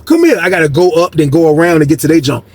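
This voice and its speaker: A man casually telling a story from jail life, animated and slangy, repeating words for emphasis. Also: a little high, fast talker, no room sound.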